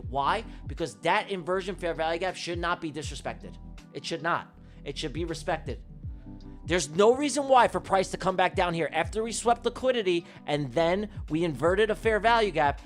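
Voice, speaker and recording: A man hosting a live day-trading stream, talking emphatically, repeating his points and swearing casually. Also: high-pitched. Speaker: livestream trading host.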